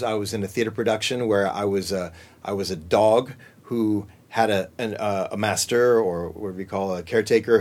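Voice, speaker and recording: A middle-aged American man, a voice actor and children's singer, talking casually in an interview and jumping into character voices. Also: on the low side. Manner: animated, jumps into character voices and sung snippets.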